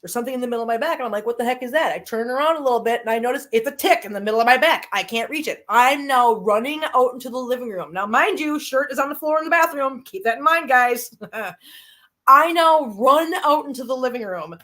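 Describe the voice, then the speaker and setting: A woman with a slightly high voice hosts a live stream, chatting casually with her viewers. She tells stories animatedly, dropping into low grumbles of disgust and jumping up into high squeals. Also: expressive, fast talker, sharp tone.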